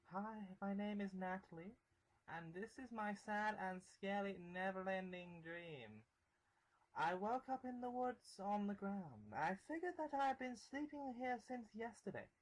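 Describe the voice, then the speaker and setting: Slow, deliberate horror story narrator. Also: medium pitch, rough recording. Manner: slow, deliberate first-person reading.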